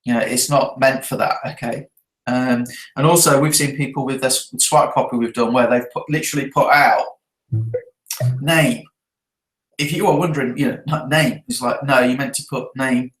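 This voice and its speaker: A man's voice: mid-range voice, steady tone, normal speed, fairly bright tone, echoey room, low-quality recording. A man who trains network marketers, talking through his event notes earnestly and often checking in with his listeners. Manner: earnest, checks in with a frequent tag question.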